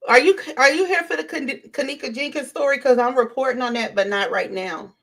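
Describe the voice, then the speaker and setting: A woman's voice: high voice, fairly quick. A woman hosting a casual livestream, talking straight to her viewers, repeating herself and greeting people in the chat by name. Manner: conversational, addresses viewers directly, repeats herself. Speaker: livestream host.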